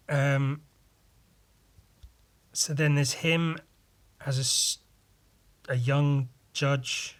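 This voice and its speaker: Young man, podcast host, casual rambling chat, hesitant with ums, mid-pitched voice. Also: fairly bright tone. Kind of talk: casual chat about his own artwork.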